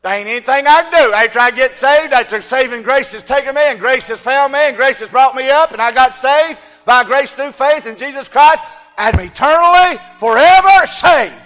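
High-voiced Southern preacher shouting. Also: male voice, normal speed. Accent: Southern US, Tennessee. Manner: shouting, drawling, folksy asides. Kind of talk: old-time revival sermon. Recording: dull lo-fi recording with faint music.

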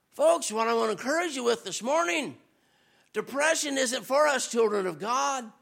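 A visiting preacher speaks to the congregation in a casual, animated manner, his voice showing vocal fry. He reaches shouts at certain points and slows down and lowers his voice for scripture.

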